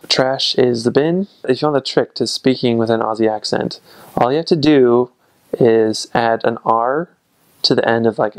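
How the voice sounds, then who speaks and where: Gravelly-voiced American guy vlogging. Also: medium pitch. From United States. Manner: rambling, fills with "like" and "I don't know". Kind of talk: casual vlog talk.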